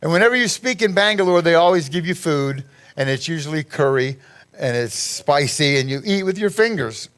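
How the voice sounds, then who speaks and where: A man's voice: on the high side, expressive, moderate pace, fairly bright tone. A man giving a rambling, chatty talk over a slideshow, laughing at his own jokes. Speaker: guest speaker at a church gathering.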